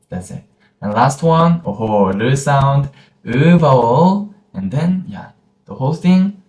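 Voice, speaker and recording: A man with a Korean accent guides a beginner through pronunciation at an unhurried pace. His pitch moves a lot, and he repeats each sound patiently. The room around him sounds echoey. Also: very animated. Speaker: Korean language teacher. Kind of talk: slow, patient pronunciation lesson.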